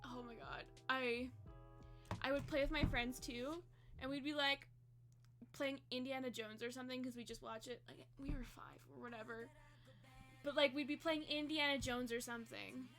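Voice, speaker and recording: A woman in her twenties chatting casually with her live chat as a streamer, swearing, laughing often and saying "like" a lot, with a quiet song playing behind her. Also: high voice, steady tone, moderate pace, soft background music. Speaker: livestreamer. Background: quiet pop song playing.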